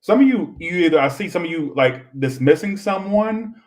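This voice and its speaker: A man's voice: high voice, lively intonation, moderate pace, a little mellow, rough recording. Rambling, profane male tarot reader. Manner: chatty, rambling, swears freely. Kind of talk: live-stream tarot reading.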